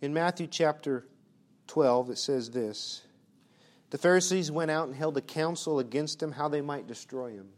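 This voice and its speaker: A man preaching a sermon, asking rhetorical questions and swinging between hushed, soft passages and loud, emphatic ones. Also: a little high, moderate pace.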